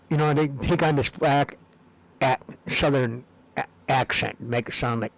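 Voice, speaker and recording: Gravelly man rambling in a monologue. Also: medium pitch, moderate pace, poor audio. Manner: meandering, repeats words, many fillers. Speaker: video blogger.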